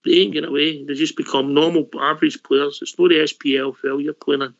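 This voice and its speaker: A man's voice: on the high side, little pitch movement, fast talker, gravelly, no echo. A man hosting a radio phone-in, chatty and blunt, calling everyone mate. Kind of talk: casual phone-in chat. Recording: dry, dull lo-fi.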